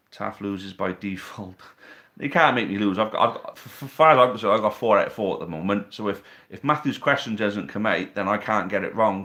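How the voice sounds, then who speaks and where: A man's voice: on the low side, a bit bright. Chatty man on a live stream. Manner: chatty, reads out viewer questions, teasing banter. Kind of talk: casual live stream chat. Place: living room at home. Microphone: phone on a tripod.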